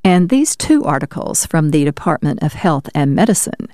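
A woman reading science news articles aloud in a measured, even scripted narration. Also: low-pitched, dry recording, studio quality. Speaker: news reader.

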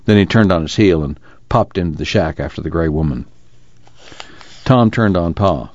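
A man reading a novel aloud in steady, measured scripted narration. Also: deep voice, dry recording. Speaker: audiobook narrator. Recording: dull lo-fi recording.

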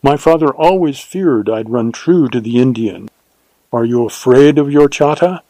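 A man's voice: mid-range voice, normal speed, warm tone, dry recording, close to an everyday voice, poor audio. A man reading an audiobook, voicing a spirited, imperious young woman in a raised, lilting voice.

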